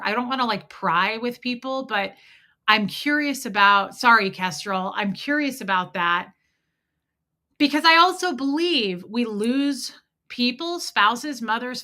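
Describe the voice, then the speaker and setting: Woman streamer chatting away, bright punchy voice, lots of likes. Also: a little high. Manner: chatty storytelling, frequent "like" fillers. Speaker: livestream host. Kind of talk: casual livestream chat, reading viewer comments.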